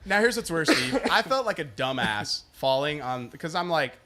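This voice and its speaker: A man's voice: on the high side, sing-song, moderate pace, pushed and bright. A man co-hosting a podcast, telling a long story in casual chat and acting out the people in it, laughing often. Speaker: podcast co-host.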